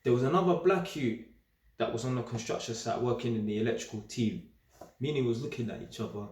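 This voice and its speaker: A young man giving a casual, straight-talking monologue in streetwise slang, animated and emphatic and often repeating himself. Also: medium pitch, fast. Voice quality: streetwise slang-heavy talk. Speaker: vlogger. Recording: roomy echo.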